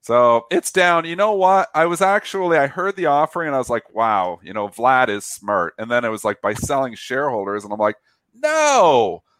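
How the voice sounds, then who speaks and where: A man's voice: a little high, a bit bright, dry recording. A man co-hosting a markets show, playful and teasing in casual chat. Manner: playful, teasing, quick quips. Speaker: co-host.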